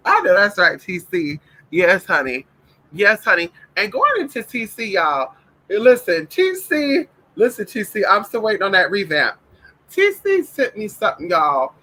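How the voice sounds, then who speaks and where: A man hosting a spiritual reading livestream, chatting with viewers in a gushing, repetitive way. His voice sits fairly high and sounds bright and forceful. He swears casually and calls everyone "honey.". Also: huge pitch swings, unhurried, rough recording.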